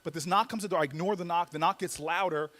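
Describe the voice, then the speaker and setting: A fast-talking man with a high-pitched voice entertains as a guest speaker with a humorous story. His animated style relies on comic timing, and he repeats words often as he builds up.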